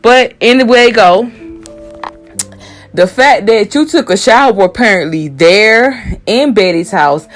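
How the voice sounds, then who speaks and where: A woman's voice: medium pitch, lively intonation, slow pace. A woman gives her casual recap of a show. Her talk is blunt, profane and heated, with her opinions fired straight out. Faint music sits under her voice.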